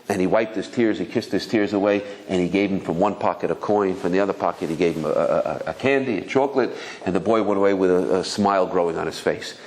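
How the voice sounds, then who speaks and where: A man in his fifties, a rabbi giving a Torah talk, telling stories with lots of restarts and acting out the voices. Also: low-pitched. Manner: animated storyteller, acts out voices, many restarts.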